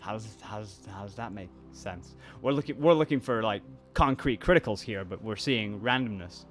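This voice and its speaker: This man in his twenties, a YouTuber and voice actor with a mixed British and American accent, has a lowish voice and an animated, moderate delivery, with faint music behind him. He chats casually in reaction to viewer comments, rambling, restarting sentences and reading the comments aloud.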